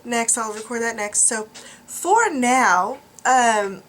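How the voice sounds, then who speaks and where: A woman's voice: fairly high pitch, lively intonation, slow, fairly bright tone. A drowsy woman vlogger rambling casually to her viewers, with many ums and restarts. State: tired, drowsy. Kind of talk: casual chat to camera. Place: home studio.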